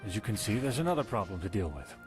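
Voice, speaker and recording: A cautious guard captain. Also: male voice, lowish voice, sing-song, very fast, faint music behind. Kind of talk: video game dialogue.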